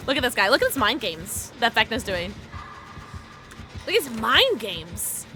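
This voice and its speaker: A young woman live-streaming a game, giggly and excitable, chatting with her viewers and squealing at the game. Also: fairly high pitch, normal speed, pauses often, faint music behind.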